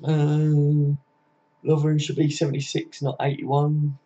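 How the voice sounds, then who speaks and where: A man's voice: on the high side, completely flat delivery, takes it slowly, mellow, slight background noise. A man, hosting a casual live stream and reading out viewer comments in a chatty, matey way, swearing freely. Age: 40s. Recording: dull lo-fi stream audio.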